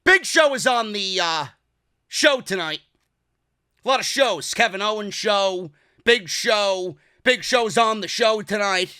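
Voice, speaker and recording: A man's voice: high voice, expressive, slow pace, sharp tone, clear, resonant tone. A young man from New York ranting sarcastically and profanely while reviewing a wrestling show.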